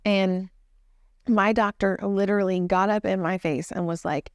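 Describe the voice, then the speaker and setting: A woman's voice: mid-range voice, steady tone, normal speed, clear, resonant tone, dry recording. Chatty young Texan mother, dry sound. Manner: earnest and chatty, with fillers. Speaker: new mother telling her birth story. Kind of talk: casual vlog storytelling.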